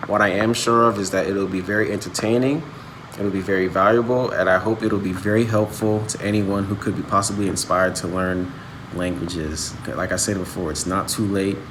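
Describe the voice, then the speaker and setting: A man's voice: low voice, fairly even intonation, normal speed, noisy background. A young man from Nigeria hosting a language-learning channel, talking earnestly and persuasively to camera in a casual vlog monologue. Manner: earnest, persuasive, rising in intensity when making a point.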